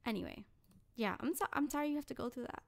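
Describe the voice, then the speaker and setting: A woman's voice: high-pitched, quick pace, vocal fry. Blunt, profane young woman telling stories. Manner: blunt, profane, animated storytelling. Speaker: podcast co-host. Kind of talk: casual podcast chat.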